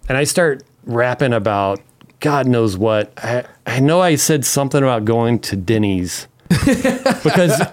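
A man from Memphis telling a long story as a podcast guest, animated, acting out the quotes and swearing freely. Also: medium pitch, a little slow. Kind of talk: casual storytelling.

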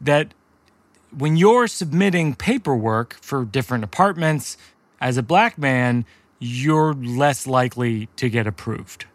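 A man hosting a podcast, asking about a guest's experience in a quick, encouraging casual chat. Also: medium pitch, animated, no room sound. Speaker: podcast host.

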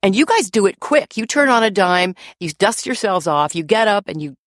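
A woman talking as a podcast guest, her pitch leaping up and down as she tells her stories. She laughs easily and drops the odd swear word. Her voice is close and dry, with no room sound. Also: normal speed, no echo. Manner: animated storyteller, laughs often, swears casually. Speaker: podcast guest, lawyer and author. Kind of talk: casual interview chat.

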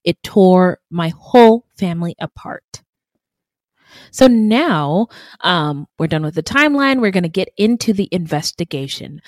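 A woman's voice: on the low side, animated, unhurried, a little mellow, no room sound. A woman co-hosting a true-crime podcast in casual chat, blunt and irreverent, laughing often. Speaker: podcast co-host.

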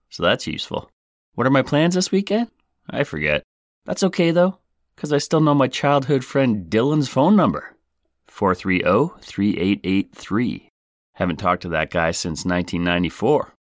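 A podcast host with a lowish voice, recorded in studio quality with no echo, tells stories on his comedy podcast. He's jokey and playful, with quick swings in delivery.

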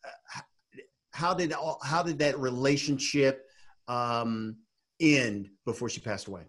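A man hosting an interview, asking questions gently and encouraging his guest. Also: mid-range voice, a little slow. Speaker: podcast host.

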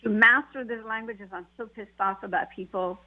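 A woman's voice: medium pitch, steady tone, normal speed. A woman who is not a native English speaker, with a light foreign accent, telling stories earnestly in a casual chat. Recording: tinny phone line.

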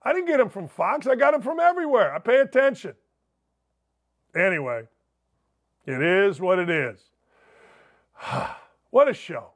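An older man hosts a sports radio show, his high, very animated voice moving at a measured pace with long pauses. He rants through a sarcastic, mocking monologue of opinionated talk radio and reads listener messages aloud.

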